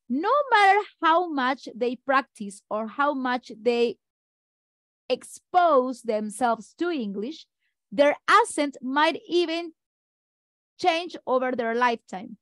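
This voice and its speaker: High-voiced woman, teaching. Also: a bit bright, no room sound. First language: Spanish. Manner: brisk, speaks fast, addresses colleagues directly. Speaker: teacher trainer. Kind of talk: online teacher-training lecture.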